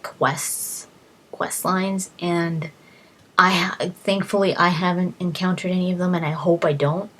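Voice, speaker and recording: The low, husky voice of a woman chatting about a game she loves. She rambles eagerly, tripping over and repeating her words. It sounds like a casual, unscripted gaming vlog. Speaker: gaming vlogger.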